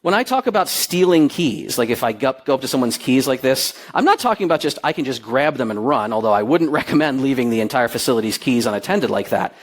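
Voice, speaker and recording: A man's voice: medium pitch, quick pace, few pauses. A middle-aged man speaking on stage at a security conference, telling stories and acting out the dialogue in them. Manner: animated storyteller, acts out quoted dialogue. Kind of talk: lively conference talk. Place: conference hall with audience.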